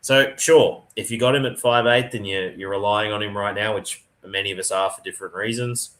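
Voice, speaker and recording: A low-voiced man hosts a relaxed podcast chat. His delivery is forceful and bright. He breaks down the analysis in a matey, easygoing way. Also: a little fast. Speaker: podcast host. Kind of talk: casual sports podcast chat.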